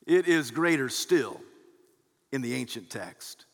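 A man's voice: mid-range voice, expressive, takes it slowly. Emphatic male preacher in an echoing church. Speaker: pastor. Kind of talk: sermon. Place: large church sanctuary. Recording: long hall reverb.

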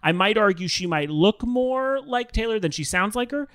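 A man hosting a casual comedy podcast, brisk and jokey. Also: high voice, animated, a bit bright, no echo. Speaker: podcast host.

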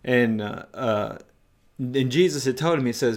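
A man's voice: medium pitch, measured pace. A man preaching a sermon, retelling a story emphatically and in vivid detail.

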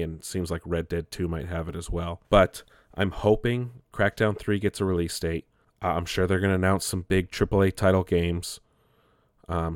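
A man's voice: sits low, dry recording, clean studio sound. A man giving casual, rambling commentary, often restarting his sentences and swearing offhand. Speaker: gaming commentator.

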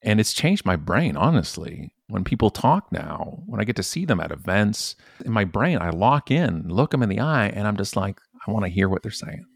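A man's voice: lowish voice, very animated, normal speed, vocal fry, hardly any pauses, breathy edge, dry recording, clean studio sound. A man in his forties, a professional speaker, talking emphatically and animatedly as a podcast guest. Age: 40s. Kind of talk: conversational podcast interview.

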